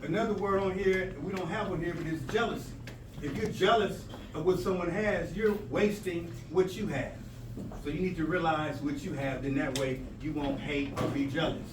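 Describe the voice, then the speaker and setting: A man speaking at a slightly high pitch gives an emphatic motivational talk to students. He is a language arts teacher who acts out quoted exchanges and plays with rhymes. He is caught from far off in an echoey room, with steady noise behind him. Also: normal speed. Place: school presentation room.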